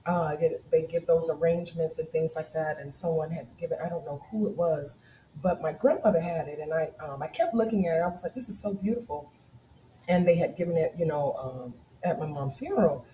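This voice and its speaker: A middle-aged woman co-hosting a casual talk, telling stories in an animated way and often laughing. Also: sits low, fairly quick. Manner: animated storytelling with frequent laughter. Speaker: co-host. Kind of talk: casual chat. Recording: echoey room with faint noise.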